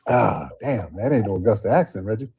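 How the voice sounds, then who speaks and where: A man's voice: on the low side, animated, a little fast, mellow, breathy edge. A man hosting a call-in talk show, speaking casually and repeating himself in a drawl. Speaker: show host.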